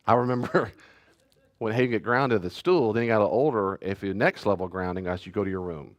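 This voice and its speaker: A man pastor giving a teaching talk and answering questions, telling family stories in an animated way. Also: on the low side, fast, dull audio. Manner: animated storyteller, acts out family scenes.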